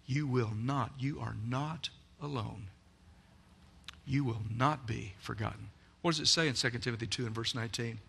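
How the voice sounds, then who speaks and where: A man preaching a sermon in a church, telling a story dramatically, acting out characters and swinging from loud to soft. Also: mid-range voice, normal speed, creaky, slight background noise.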